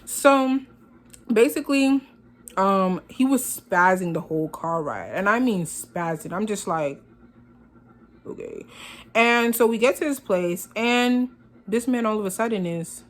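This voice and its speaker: A young woman telling a casual storytime to her vlog audience, animated and expressive, often acting out what was said. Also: medium pitch, a little slow. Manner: animated, expressive, quotes herself and others. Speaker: vlogger. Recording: phone with faint background noise.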